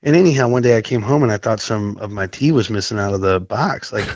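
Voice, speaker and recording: A man from Nashville, Tennessee, guest on a recovery podcast, telling a long story in a rambling way, with many fillers and frequent throat clearing. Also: lowish voice, fast talker, a little mellow, no echo, muffled recording. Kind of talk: casual storytelling chat.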